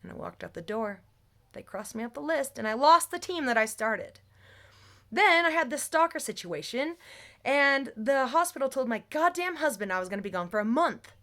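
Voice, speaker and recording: A woman's voice: high-pitched, expressive, normal speed, bright, forceful tone. A young woman venting to her phone camera in a rambling, heated monologue, swearing freely. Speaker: vlogger.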